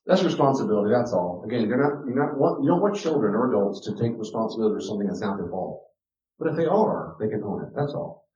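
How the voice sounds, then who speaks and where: A middle-aged man lectures in a mellow, warm voice, slipping into folksy stories and repeating himself for emphasis. He stands well back from the microphone in a roomy space. The dull archive recording takes the edge off his voice. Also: on the low side, lively intonation, fast, recorded from a distance. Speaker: teacher giving a parenting talk.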